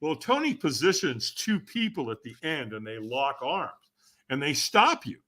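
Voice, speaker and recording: A man sits in as a podcast guest and recounts a personal story with animated energy. His voice is bright and forceful and sits a little high for a man. It swoops up and down as he acts out the voices of the people in his story. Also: moderate pace. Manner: animated, acts out quoted voices with sudden shouts; asks the listener rhetorical questions.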